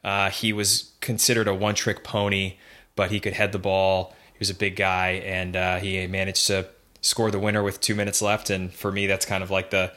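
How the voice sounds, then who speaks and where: Bright, forceful male podcast co-host. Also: low voice. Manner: chatty, reads facts aloud with fillers. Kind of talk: casual podcast chat.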